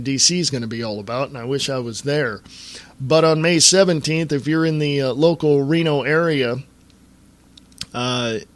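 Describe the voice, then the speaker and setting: A man hosting a political podcast, delivering a fiery, ranting monologue straight to his listeners. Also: medium pitch. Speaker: podcast host. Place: Reno, Nevada area.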